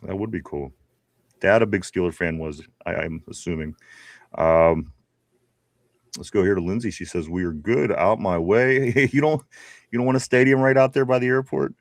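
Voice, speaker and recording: A man's voice: low voice, fairly even intonation, normal speed, no room sound, clean studio sound. A man with a Pittsburgh accent co-hosting a casual live sports show, laughing and rambling as he reads out viewer messages. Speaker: podcast co-host. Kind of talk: casual live-stream chat.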